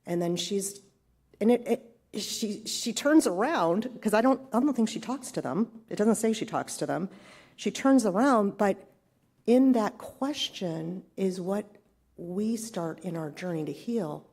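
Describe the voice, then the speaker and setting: Middle-aged woman, spiritual leader, relaxed sermon, warm dark tone with gravel. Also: medium pitch, measured pace. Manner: conversational, reflective, asks the congregation questions.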